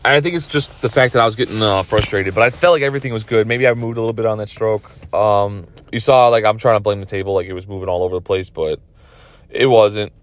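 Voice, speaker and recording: A man's voice: on the low side, fast talker. A tired man commenting on his own pool match from his car, rambling and self-critical. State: tired, yawning. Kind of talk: casual video commentary.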